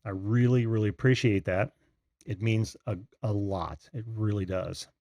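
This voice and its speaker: A man's voice: on the low side, steady tone, moderate pace, mellow, dry recording, highs cut off. A man hosting a call-in show in a casual, friendly way, laughing often and talking with many fillers. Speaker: host.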